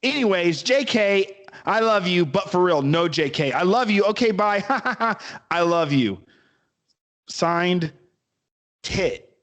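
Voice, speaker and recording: A man co-hosts a casual podcast, his voice sitting a little high and swinging widely in pitch as he jokes. He laughs often and reads aloud a bit haltingly. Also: expressive, fairly bright tone. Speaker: podcast co-host. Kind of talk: casual chat.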